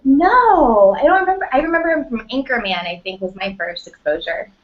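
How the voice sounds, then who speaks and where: Female co-host, easygoing, laughs a lot, higher voice, muffled lo-fi audio. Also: expressive, fairly quick. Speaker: podcast co-host. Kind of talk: casual chat.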